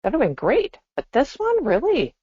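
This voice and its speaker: With a high-pitched, mellow voice full of huge pitch swings, a woman co-hosts a podcast at a moderate pace. The casual chat finds her reflective and often exclaiming and laughing. The dull, dry lo-fi sound has no echo.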